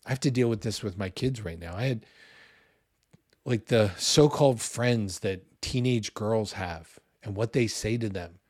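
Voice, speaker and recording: A man in his forties preaching a sermon in a conversational, animated way, with loud bursts when he acts out what people say. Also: on the low side, a little slow, no echo, studio quality. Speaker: pastor.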